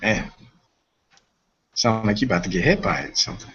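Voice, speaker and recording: Low-voiced man on a video call. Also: a little fast, a bit bright, husky. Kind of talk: casual group video call. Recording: muffled video call with faint noise.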